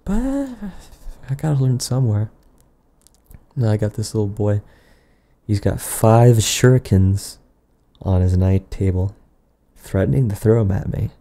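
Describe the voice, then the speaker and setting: A man delivering an improvised, absurd comedy monologue in a rambling, deadpan way, often trailing off and restarting. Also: fairly low pitch, unhurried, pauses often.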